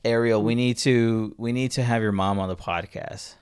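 A young man co-hosting a relaxed podcast speaks at medium pitch with a steady tone, moderate pace and clean sound. His speech is rambling and self-interrupting, full of stumbles and frequent laughter.

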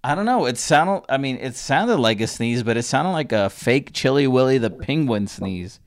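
A man's voice: mid-range voice, lively intonation, moderate pace. A young man hosting a podcast, casual, teasing and rambling with some swearing. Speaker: podcast host. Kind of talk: casual chat.

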